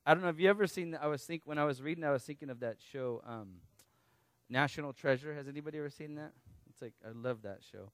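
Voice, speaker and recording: A man preaching a sermon, teaching through a Bible passage in a conversational, animated way with casual asides. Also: a little high, brisk, no echo. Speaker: pastor.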